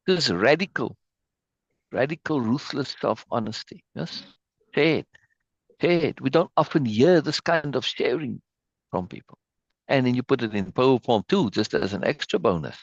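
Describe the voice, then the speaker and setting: A man's voice: mid-range voice, big pitch swings, normal speed, gravelly, husky, no echo, highs cut off. A man leading an online meeting, emotionally praising a poem and reading it aloud, repeating words as he goes. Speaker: spiritual group leader. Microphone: video call.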